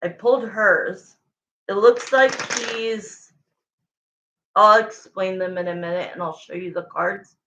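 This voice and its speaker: A woman's voice: medium pitch, unhurried, sharp tone, slight background noise. A woman giving a live tarot reading, thinking aloud as she pulls cards and repeating her questions to the cards. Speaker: tarot reader. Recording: roomy, dull lo-fi sound.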